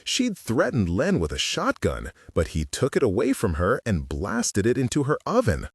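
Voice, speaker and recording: A man narrating a novel as an audiobook, in an expressive storytelling manner. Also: on the low side, normal speed, breathy edge, no echo, clean studio sound, recorded from a distance.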